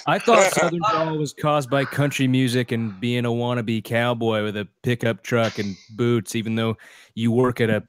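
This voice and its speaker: A man's voice: mid-range voice, fairly even intonation, moderate pace, a little hiss or hum. A man from California on a casual chat panel, joking and telling stories. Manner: joking, storytelling.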